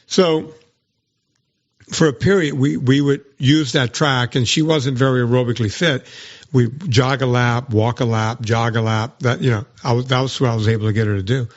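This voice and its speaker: The audio is dull as a man with a medium-pitched voice, talking at normal speed, hosts his podcast. A trainer by trade, he tells stories casually and imitates other people in mock voices.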